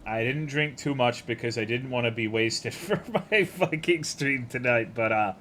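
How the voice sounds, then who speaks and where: A man of ordinary pitch hosting a live stream, rattling off viewer names and riffing loosely with his chat. He is a little tipsy and tired, swearing and teasing freely. A faint hum of ambient noise sits behind his voice. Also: normal speed, a bit bright.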